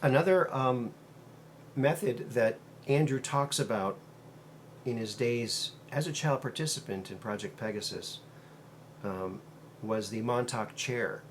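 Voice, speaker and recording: A man's voice: mid-range voice, a little hiss or hum. A man hosting his own show, retelling a story in a loose, meandering way with many ums and uhs. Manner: meandering, halting, frequent um and uh fillers. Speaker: host. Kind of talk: casual monologue retelling a story.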